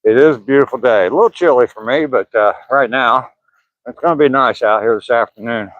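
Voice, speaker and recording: This vlogger, an older man from Georgia with a Southern accent, chats casually while livestreaming a walk past pine woods on a handheld phone camera. He talks a little fast at a medium pitch, easygoing and rambling, chuckling as he reads the chat out loud. The audio is narrow and tinny, with no room sound.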